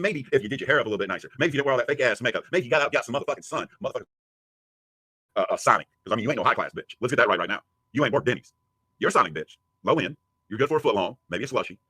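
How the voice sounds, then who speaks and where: Husky guy ranting super fast, crude and mocking, pitch all over the place. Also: bright, forceful tone, no room sound. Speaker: streamer answering a critic. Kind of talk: profane ranting commentary.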